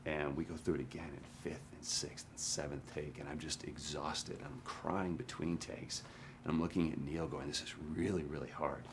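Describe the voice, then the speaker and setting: Very deep-voiced male actor reminiscing. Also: steady tone, moderate pace, background noise. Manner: frank, drops to a hush at times. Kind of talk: candid interview recollection. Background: music.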